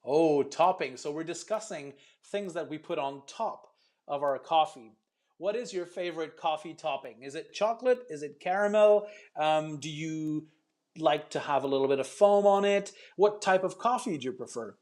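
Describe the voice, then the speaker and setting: A man's voice: a little high, moderate pace, a little mellow. A man teaching an online English pronunciation lesson, chatty and encouraging, explaining step by step with frequent ums.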